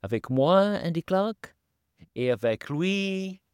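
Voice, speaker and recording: A man's voice: high-pitched, expressive, slow, clear, resonant tone, no echo, studio quality. A man hosting a podcast from a laptop while on holiday, chatting casually in a rambling, self-deprecating way full of fillers. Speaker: podcast host. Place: holiday home indoors, at a laptop.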